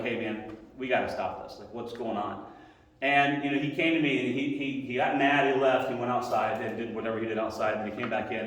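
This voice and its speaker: Man, 40s, Sunday school teacher, chatty storytelling, distant mic, big reverberant room. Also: medium pitch. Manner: conversational and animated, acting out quotes with sound effects. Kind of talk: sermon-style story to a class. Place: church hall. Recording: echoey hall from far off.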